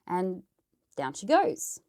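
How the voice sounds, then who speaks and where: A woman's voice: fairly low pitch, wildly swooping pitch, takes it slowly, mellow. An Australian woman telling a true crime story in a casual, chatty way, blunt and swearing as she editorialises.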